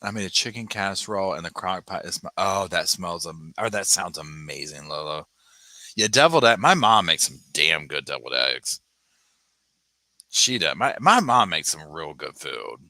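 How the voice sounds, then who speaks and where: Lively, bright-voiced man chatting. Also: low-pitched, moderate pace, no echo. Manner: chatty, animated, swears casually, laughs loudly. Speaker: true crime channel host. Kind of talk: casual live chat, reading viewer comments. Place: home, on a sofa.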